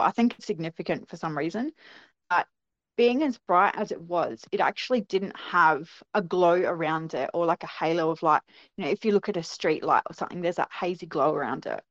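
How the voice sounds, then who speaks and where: A woman's voice: on the low side, a little fast, no room sound, muffled recording. A woman, recounting what she saw in a casual interview, earnest and hesitant with many ums. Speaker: guest recounting a sighting.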